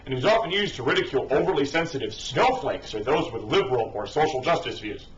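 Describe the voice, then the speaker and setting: A man's voice: mid-range voice, lively intonation, fast, few pauses. A man reading an article aloud and breaking off into sarcastic, profane ranting asides. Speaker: online commentator. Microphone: cheap microphone. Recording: dull distant lo-fi home mic.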